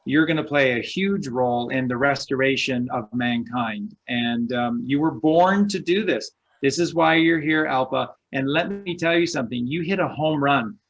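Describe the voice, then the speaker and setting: On a muffled recording, a male co-host of an online show speaks in a mid-range voice at moderate pace with hardly any pauses. His conversational speech is impassioned and preachy, and he repeats his encouragement.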